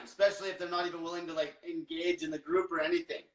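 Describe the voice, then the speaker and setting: A man's voice: on the high side, level tone, fast, few pauses, a bit bright, reverberant, distant mic, rough recording. A man coaching in a profane, blunt livestream rant, repeating himself. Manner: profane, blunt, repetitive, fired-up. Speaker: diet coach.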